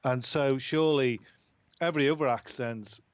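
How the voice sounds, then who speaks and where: A man's voice: mid-range voice, normal speed, clean tone, no room sound. A man from England with an English accent, calling in and chatting in an easygoing way, often ending with tag questions. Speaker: phone-in caller. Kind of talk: casual chat.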